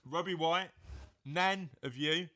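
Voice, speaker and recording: A man's voice: on the high side, takes it slowly, pushed and bright. A man hosting a casual podcast with his daughter, reading out listener answers in a jokey, rambling way and laughing at them. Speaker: podcast host; father of co-host.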